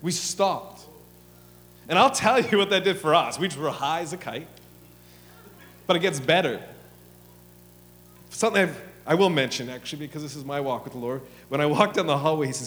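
A man preaching a sermon, telling a story with lively acted lines, then dropping into hushed prayer. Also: fairly high pitch, fairly quick, long pauses. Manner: animated storytelling, acts out his own and God's lines, drops to hushed prayer. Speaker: pastor. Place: church hall. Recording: long hall reverb with soft music.

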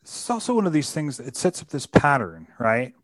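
A man's voice: mid-range voice, huge pitch swings, normal speed, fairly bright tone, no room sound, studio quality. A man hosting a casual book discussion, thoughtful and hesitant, with many fillers and restarts. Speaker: podcast host.

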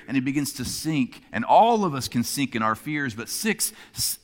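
A male pastor gives a sermon in a bright, ringing voice that sits a little high. He moves between emphatic stretches and quiet ones. A long reverb trails his words, as in a large hall. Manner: expressive, swinging between emphatic and hushed delivery.

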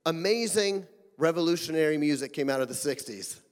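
Male pastor, high voice, emphatic sermon delivery, long hall reverb. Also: animated, brisk. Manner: emphatic, rhetorical questions, swings between loud and hushed.

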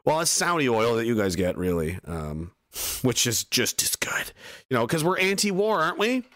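A man's voice: medium pitch, very animated, normal speed, a bit bright, no echo. A young man, reading chat messages on a livestream and ranting in an angry, sarcastic, heavily profane way into a close mic. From Canada.

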